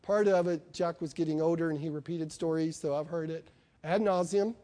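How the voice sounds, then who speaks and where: A man's voice: on the high side, steady tone, moderate pace, warm tone. A middle-aged man preaching a sermon in an emphatic, conversational way, asking his listeners questions.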